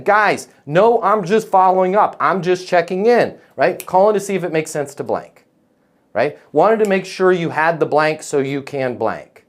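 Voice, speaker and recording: Punchy man coaching sales on a call. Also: a little high. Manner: emphatic, punchy, keeps asking "right?" and "okay?". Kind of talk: live group coaching call. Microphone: video call.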